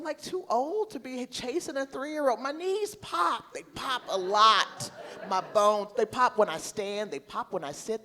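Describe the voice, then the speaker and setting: A woman in her forties performing a stand-up comedy set, brash and oversharing, with sudden bursts of loud outrage. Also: deep voice. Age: 40s. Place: comedy club stage with live audience. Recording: reverberant live venue with audience laughter.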